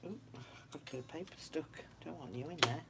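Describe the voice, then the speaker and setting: A woman's voice: sits low, a little fast, creaky, very noisy. A woman chatting casually to viewers on a craft livestream from her room at home. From United Kingdom. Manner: chatty, talks to viewers, frequent laughs.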